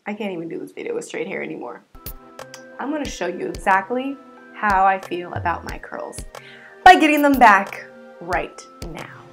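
A woman in her twenties, a vlogger, talking casually to camera in a bubbly, expressive way. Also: moderate pace, faint music behind. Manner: bubbly and expressive, swinging pitch.

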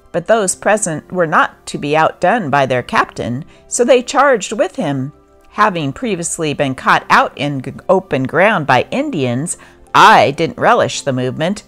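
Lively low-voiced woman narrator. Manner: steady read-aloud of a first-person war memoir. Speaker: narrator reading old newspaper articles. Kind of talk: scripted narration.

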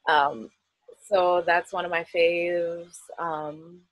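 A woman's voice: fairly low pitch, little pitch movement, extremely slow, no room sound, rough recording. A middle-aged woman with a Queens accent, chatting in a video-call interview, laughing often and using many fillers. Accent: New York, Queens. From United States. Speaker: festival artist guest. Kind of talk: casual interview.

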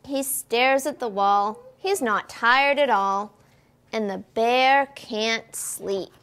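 A woman, a children's librarian, reading a picture book aloud at a library storytime in an expressive, sing-song way, asking the children questions. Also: fairly high pitch, slow pace, clean tone.

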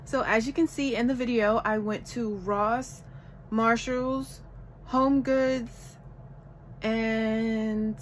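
Gushing, excitable woman vlogger. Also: fairly high pitch, slight background noise, low-quality recording. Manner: gushing, excitable, repeats "oh my goodness". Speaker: shopping haul vlogger. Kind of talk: casual haul chat to camera. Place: at home.

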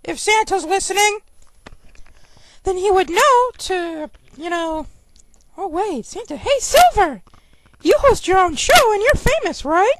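A woman's voice: very high voice, lively intonation, unhurried, pauses often, dry recording, low-quality recording. A woman voicing a young male hedgehog who rambles and complains with lots of "you know.". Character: young male hedgehog, whiny, easily annoyed.

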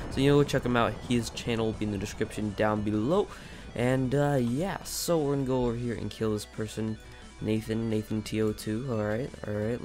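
A man casually commentating his own gameplay, rambling and chatty, with a groggy just-woken morning voice. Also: lowish voice. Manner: rambling, chatty, frequent fillers. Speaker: gaming channel host.

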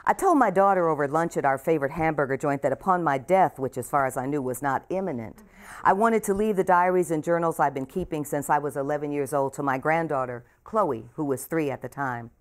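An older woman, an author addressing a bookstore audience and reading from her memoir, soft-spoken and emotional, her voice trailing off at the ends of phrases. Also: deep voice, fairly quick. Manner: warm, emotional, speaks softly and trails off. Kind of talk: author talk and book reading. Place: bookstore event room.

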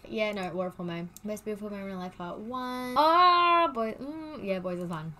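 Excitable young woman vlogger. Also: mid-range voice, a little fast. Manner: excitable, gushing, breaks into bits of song. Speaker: vlogger doing online quizzes. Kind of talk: casual chat while reading quiz questions aloud.

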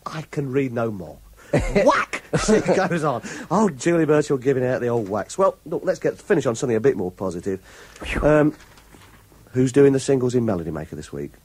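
A man's voice: medium pitch, very animated, fairly quick, darkish tone, slight background noise. A man on a radio show, reading out reviews with gleeful mockery and frequent chuckles. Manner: gleeful, mocking, chuckles often. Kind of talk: chatty radio talk, reading reviews aloud. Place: radio studio.

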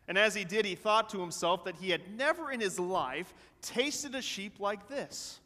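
Pastor guy telling a story slow and animated, voice on the higher side, big church echo. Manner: animated storyteller voicing characters. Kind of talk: sermon storytelling. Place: church sanctuary. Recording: long church hall reverb.

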